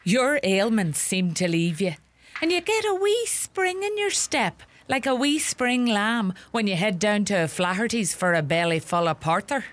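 A woman's voice: medium pitch, sing-song, normal speed, no room sound, natural voice. A woman playing a bossy Irish farm mother. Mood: scolding. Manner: sharp-tongued, scolding and fussing. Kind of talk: comedy sketch acting.

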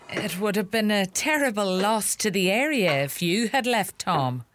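An actress playing a middle-aged Irish farm mother, sharp-tongued and fussing, with an Irish accent. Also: mid-range voice, animated, unhurried, slight background noise. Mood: teasing. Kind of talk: comedy sketch acting.

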